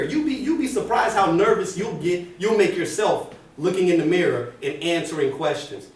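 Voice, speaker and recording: A man teaching a class about job interviews, talking in an energetic classroom lecture style. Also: high-pitched, moderate pace. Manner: energetic, demonstrates bad habits by mumbling. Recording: roomy, distant, faint hiss.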